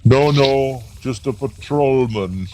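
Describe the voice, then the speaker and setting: A man's voice: mid-range voice, slow, a little mellow, slight background noise, close to an everyday voice. A man voicing a thief who poses as a humble cloud giant patrolman, speaking evasively. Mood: deceptive.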